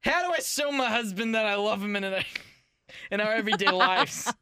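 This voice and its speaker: A man's voice: sharp tone, smooth, no echo. A man putting on a fretful old mother. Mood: earnest. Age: older. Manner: high wavering old-lady voice, slow and worried. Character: fretful older mother, doddering and muddled.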